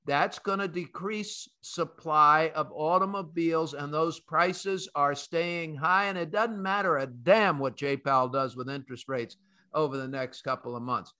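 A man's voice: fairly high pitch, unhurried, bright, forceful tone. An American man hosting a market commentary podcast, emphatic and opinionated, talking straight to his listeners. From United States. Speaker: podcast host.

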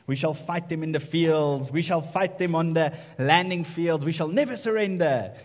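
A man doing a rough impression of a defiant older wartime leader, delivering a rousing speech slowly and with emphasis. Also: fairly high pitch, close to an everyday voice. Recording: echoey church hall reverb.

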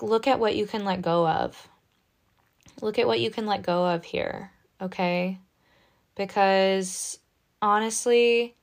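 A woman gives a casual tarot reading at an ordinary mid pitch. She talks gently and reassuringly, with a chatty flow full of little asides and check-ins. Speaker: tarot reader.

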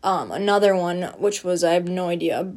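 A woman's voice: fairly low pitch, moderate pace, a little mellow. Bubbly young woman rambling thru college stories, lots of likes and ums. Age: young adult. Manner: chatty and bubbly, heavy use of "like" and "um". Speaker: college student vlogger. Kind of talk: casual storytelling chat.

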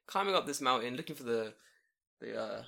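A young man telling a story in casual podcast chat, animated, swearing and laughing. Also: mid-range voice, fairly quick, creaky.

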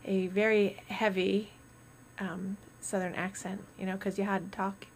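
A woman's voice: medium pitch, little pitch movement, a little slow, a little hiss or hum. A woman hosting a casual live stream, chatty and rambling, often laughing.

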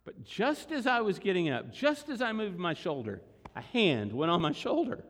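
High-voiced pastor in a hall. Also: male voice, sing-song, moderate pace. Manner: conversational, vivid storytelling with asides to the congregation. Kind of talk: sermon storytelling. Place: large church hall. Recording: long hall reverb.

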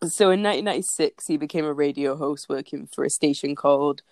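A woman's voice: sits low, fast talker, a little mellow, no echo. A woman co-hosting a podcast in casual chat, laughing often as she tells the story. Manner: giggly, laughs often between lines. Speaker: podcast co-host.

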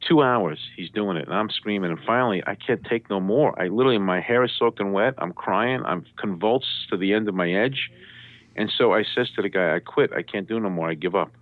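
A man telling a story as a radio show guest, lively and jokey, acting out the voices of the people in it. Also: fairly low pitch, fairly quick, dry recording. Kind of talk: animated storytelling. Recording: dry tinny phone line.

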